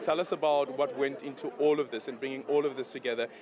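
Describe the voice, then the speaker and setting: A man reporting live from a red carpet event, excited and chatty, a little out of breath. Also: medium pitch, fast. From South Africa. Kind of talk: live news interview. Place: outdoor red carpet event at a shopping centre. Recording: lively crowd around.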